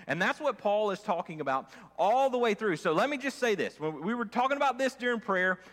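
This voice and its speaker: High, lively male pastor preaching. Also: fairly quick. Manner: conversational, calls for audience response. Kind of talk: sermon. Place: church sanctuary. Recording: long church hall reverb.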